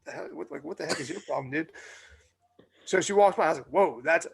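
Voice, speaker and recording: A young man spins an animated story on a casual podcast. His voice sits a little high, and it has a gravelly fry. He leans on fillers and restarts as he talks. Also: fast. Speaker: podcast co-host.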